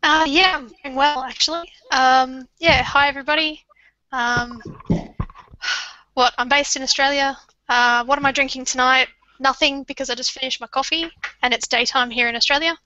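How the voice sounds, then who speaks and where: A woman's voice: high voice, steady tone, normal speed, bright, forceful tone, no echo. A woman giving a casual, friendly update about social media over a video call. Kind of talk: casual announcement. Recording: dry, dull video-call audio.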